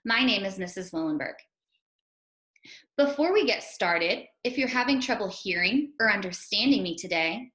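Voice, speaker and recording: A female first grade teacher speaking slowly and clearly to young children, patiently sounding out each phonics sound. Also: mid-range voice, pushed and bright. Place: home or classroom, recorded for a school TV video. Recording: echoey room.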